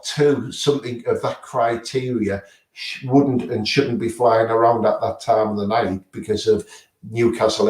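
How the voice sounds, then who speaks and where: A man's voice: lowish voice, darkish tone, far from the mic. A man, a guest paranormal investigator, answering casually with many fillers and restarts. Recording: roomy sound, away from the mic.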